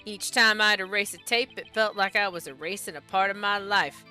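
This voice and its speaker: A woman voicing a drawling cowboy-style male police officer with a slow, theatrical Southern drawl. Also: mid-range voice, steady tone, pushed and bright, faint music behind, lightly acted.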